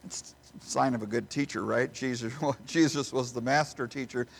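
A man preaching a sermon as a pastor, asking rhetorical questions and swinging from soft asides to loud, emphatic bursts. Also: mid-range voice, steady tone, normal speed, vocal fry.

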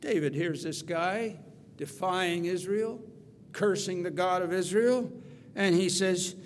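Slow, high-voiced preacher in a hall. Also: male voice. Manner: dramatic storytelling, sudden loud emphasis and quiet asides. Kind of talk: sermon. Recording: reverberant hall, faint hum.

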